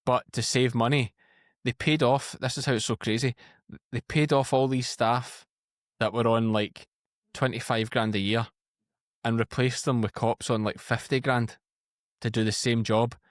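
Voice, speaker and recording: A man's voice: medium pitch, normal speed, dry recording, clean studio sound. Scottish man telling blunt stories. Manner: storytelling, animated and blunt. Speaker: podcast guest, farmer and former police officer. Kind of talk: casual chat.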